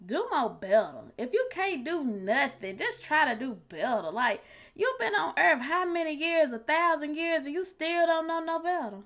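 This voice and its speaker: A woman's voice: high-pitched, big pitch swings, moderate pace, fairly bright tone. A woman streamer giving casual, blunt and exasperated commentary in colloquial speech. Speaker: reaction streamer.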